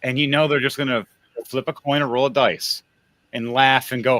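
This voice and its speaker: A man's voice: medium pitch, steady tone, moderate pace, a bit bright, no room sound. Blunt, crude male podcast host. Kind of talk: casual opinionated chat.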